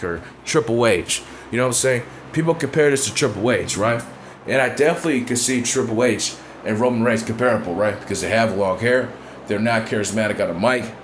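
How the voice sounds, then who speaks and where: A wrestling commentator vlogger rants in casual, blunt, profane talk, his mid-range voice over slight background noise. He keeps asking if you know what he's saying as he airs his opinions.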